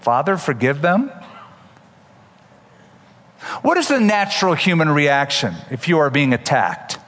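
A man's voice: fairly high pitch, big pitch swings, normal speed, a bit bright, long reverb tail, slight background noise. A man preaching a sermon as pastor, explaining scripture with humorous asides.

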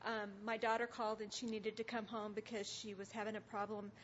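A middle-aged woman giving devotional teaching with guided meditation, soft and hesitant with many pauses. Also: mid-range voice, flat delivery, slight background noise. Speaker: women's ministry teacher. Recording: dull lo-fi recording.

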